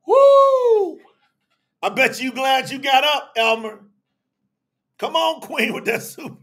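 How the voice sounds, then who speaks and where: A man preaching a livestreamed sermon, emphatic and call-and-response, shouting out to viewers by name and breaking into sudden shouts. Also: extremely high pitch, a little slow. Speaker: preacher leading an online service.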